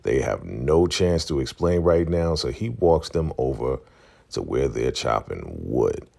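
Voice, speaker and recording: Very deep gravelly man recapping. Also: a little slow. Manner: animated storytelling, acts out scenes. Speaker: show recap vlogger. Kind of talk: casual episode recap.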